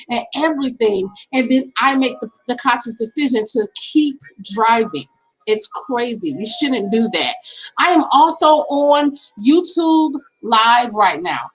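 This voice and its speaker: A woman's voice: high-pitched, a bit bright, low-quality recording. A middle-aged woman telling a personal story in a casual, earnest way, often repeating herself and speaking straight to her viewers. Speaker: vlogger. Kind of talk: casual storytime while doing makeup.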